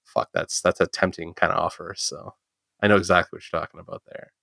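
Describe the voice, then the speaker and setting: Fast-talking deep gravelly man. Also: flat delivery, pushed and bright, no echo, studio quality. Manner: rambling, swears often, heavy use of "like". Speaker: drummer and comic artist. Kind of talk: casual chat.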